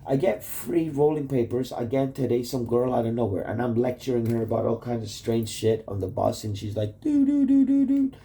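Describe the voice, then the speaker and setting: Rambling, profane man with a mellow voice. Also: medium pitch, fairly even intonation, brisk, hardly any pauses. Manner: rambling, profane, full of "like" and restarts. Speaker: vlogger addressing his wife. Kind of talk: rambling casual video message.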